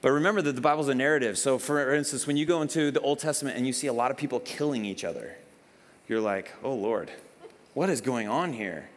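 A man's voice: mid-range voice, quick pace. A man preaching a casual, conversational sermon to his church, telling stories and acting out bits of dialogue. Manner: conversational, animated storytelling with acted-out dialogue. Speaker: pastor. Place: church hall. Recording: long hall reverb.

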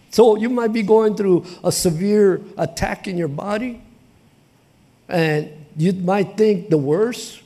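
A man preaching a sermon in a conversational, impassioned way, with repetition and street slang, rising to shouts. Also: high voice, slow pace.

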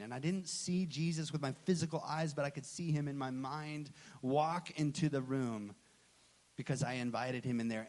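A man in his thirties, a pastor, preaching a sermon and telling a personal story, acting out the dialogue with lively energy. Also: medium pitch.

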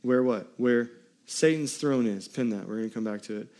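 A man's voice: medium pitch, normal speed, a little mellow. A man preaching a sermon as pastor, reading scripture and pressing points on the congregation with direct questions.

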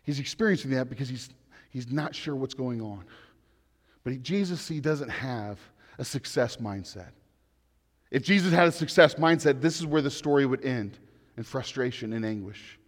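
A man preaching a sermon in an earnest way, rising to loud pleading and dropping to hushed lines. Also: mid-range voice, lively intonation, moderate pace, long reverb tail. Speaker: pastor.

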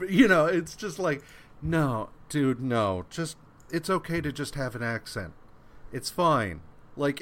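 A man's voice: medium pitch, fairly bright tone. A man co-hosting a casual podcast, ranting with exasperation and swearing freely. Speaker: podcast co-host. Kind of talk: casual chat.

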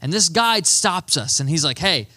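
A male pastor preaching in a lively storytelling way, poking fun at himself as he goes. His voice sits a little high and sounds bright and forceful. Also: moderate pace. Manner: animated, self-deprecating storyteller. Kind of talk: storytelling sermon.

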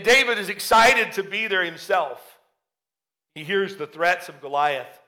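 A man preaches an animated sermon, retelling a story and acting out its characters as he goes. His voice sits high. Its tone is bright and forceful. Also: a little slow.

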